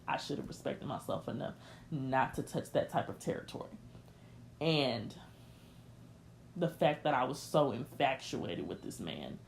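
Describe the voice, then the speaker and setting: A woman's voice: low-pitched, creaky, darkish tone, a little hiss or hum. A young woman hosting a podcast, confiding a personal story in an emotional, candid rant and speaking straight to her listeners. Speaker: podcast host.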